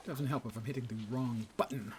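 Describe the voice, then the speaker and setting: A man's voice: medium pitch, fairly even intonation, brisk, noisy background. A man streaming a game live, talking wryly to himself and reading quest text aloud. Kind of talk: casual live gameplay commentary.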